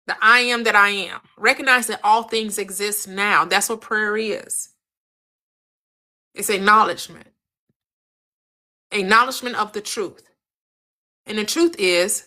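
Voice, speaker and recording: A woman's voice: medium pitch, pushed and bright. A woman giving a spiritual teaching in an emphatic, preacherly cadence, repeating phrases and asking rhetorical questions.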